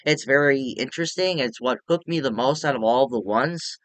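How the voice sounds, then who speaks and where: A man rambles through a casual movie review, cursing freely and getting animated. His voice is bright and crisp. The sound is dry and close, with no room around it. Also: mid-range voice, moderate pace, no echo.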